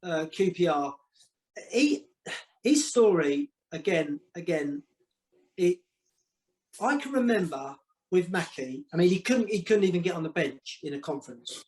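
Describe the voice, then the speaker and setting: A man talking as a podcast guest, telling football stories in a casual, animated way, often repeating words and acting out what others said. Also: high voice, a little slow, pauses often, rough recording. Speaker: guest, former football manager. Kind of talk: casual storytelling.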